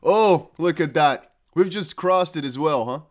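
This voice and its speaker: Hyped crypto streamer man, lively pitch. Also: measured pace. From Netherlands. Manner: hyped, laughing, breaks into chanting. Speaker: crypto live stream host. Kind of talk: excited live stream commentary.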